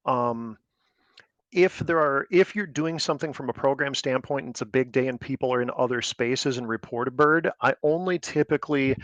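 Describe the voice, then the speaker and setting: A man's voice: mid-range voice, no room sound. Dry-sounding man answering questions. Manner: measured, explanatory, hedging with fillers. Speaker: guest birding speaker. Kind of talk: answering audience questions in an online talk.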